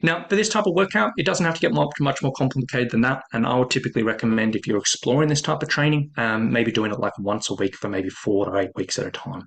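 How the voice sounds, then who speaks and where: A man's voice: mid-range voice, quick pace, vocal fry, hardly any pauses, fairly bright tone. A man as a hiking fitness coach explaining a training method in a casual, repetitive way, with many fillers like "essentially" and "really, really".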